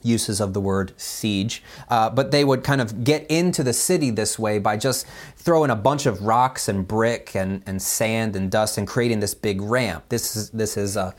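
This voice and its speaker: Male pastor, sermon, animated reading, casual asides, restarts and fillers. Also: normal speed. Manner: animated, voices biblical speakers with pitch jumps.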